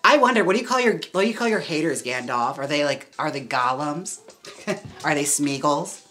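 A woman's voice: low-pitched, expressive, normal speed, fairly bright tone, faint music behind. A woman hosting a casual livestream while styling a wig. She is chatty and giggly and says "like" a lot. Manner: chatty, giggly, heavy use of "like".

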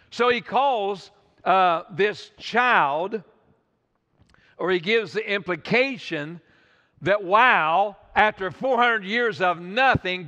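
High, bright-voiced fervent preaching pastor. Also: male voice, long reverb tail, muffled recording. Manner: fervent, repetitive preaching with direct appeals. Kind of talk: sermon. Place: church sanctuary.

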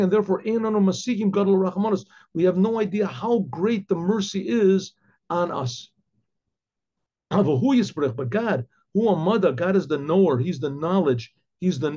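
A rabbi teaching a Chassidic text, reading short phrases and explaining each one, often restarting and clearing his throat. His voice is husky and mellow and sits a little high for a man. The recording is dull and lo-fi. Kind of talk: Torah class, translating and explaining.

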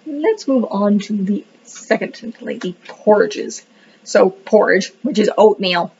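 A woman's voice: mid-range voice, animated, takes it slowly, vocal fry, a little mellow, slight background noise. A woman casually reviewing a book, rambling with many fillers and joking that she cannot pronounce the words. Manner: self-deprecating about pronunciation. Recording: dull lo-fi recording.

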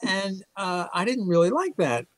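An older man recounts his memories in an unhurried, rambling way, peppering them with fillers and bursts of laughter. His voice sits a little high for a man, and it sounds close and dry, with no room echo. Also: animated. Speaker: interview guest, economics professor. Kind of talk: casual storytelling interview.

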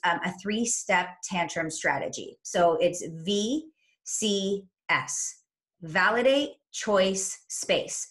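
A woman's voice: medium pitch, fairly bright tone. A woman parenting coach in a podcast interview, explaining in an instructive way and acting out what parents say to their kids.

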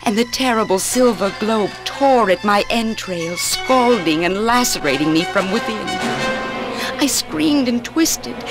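An actress playing a young woman who narrates her own ordeal in a steady, grave voice, in a 1960s spoken-word drama recording. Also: mid-range voice, lightly acted.

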